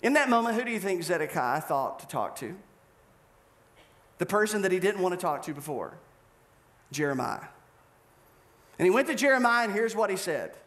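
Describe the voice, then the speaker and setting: Animated, high-voiced male preacher. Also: normal speed, pauses often. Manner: animated storytelling, acting out scenes. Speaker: pastor. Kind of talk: sermon.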